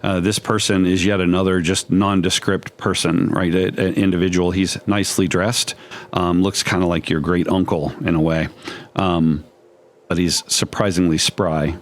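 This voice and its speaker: Halting low-voiced male game master. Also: level tone. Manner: halting, filler-heavy, vividly descriptive. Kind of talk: narrating a horror tabletop game.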